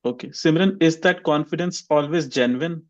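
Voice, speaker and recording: A man's voice: on the high side, moderate pace. Man teaching English pronunciation, slightly muffled call. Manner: questions students by name, drills repetition. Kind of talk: online class teaching.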